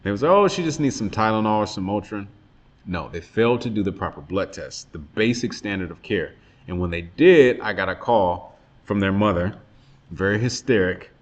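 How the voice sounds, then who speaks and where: Low-pitched man in his thirties, earnest and reflective, telling his story to camera. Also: animated, normal speed. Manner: earnest, reflective, emotional retelling. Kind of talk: personal testimony monologue.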